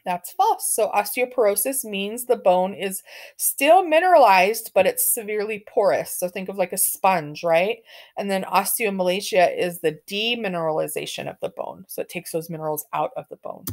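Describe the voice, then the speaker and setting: A woman's voice: mid-range voice, animated, normal speed. A woman teaching a medical terminology class, talking casually with many fillers and putting questions to her students. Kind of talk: classroom lecture.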